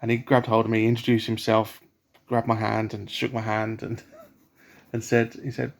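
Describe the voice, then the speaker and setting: Soft-spoken man with a gravelly, flat voice. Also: on the low side, normal speed. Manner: rambling, with many fillers and restarts. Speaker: vlogger. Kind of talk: casual personal story.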